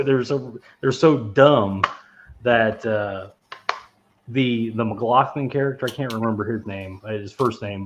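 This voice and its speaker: A man's voice: mid-range voice, highs cut off, a little hiss or hum. A man co-hosting a casual movie podcast who rambles, swears freely and laughs often as he talks. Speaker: podcast co-host. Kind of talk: casual movie review chat.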